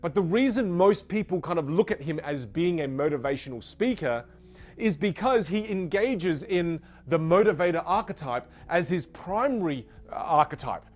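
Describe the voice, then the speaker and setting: A man's voice: on the high side, animated, normal speed, faint music behind. A man teaching voice technique, explaining step by step. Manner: explains step by step, demonstrates with sung syllables. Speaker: voice coach. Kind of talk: teaching to camera.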